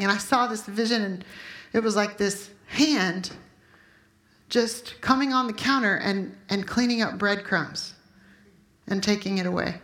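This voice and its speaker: A woman in her fifties giving a sermon with personal testimony to a room of listeners, emotional and loudly acting out her own prayers. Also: mid-range voice, measured pace, echoey room. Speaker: speaker at a Christian gathering.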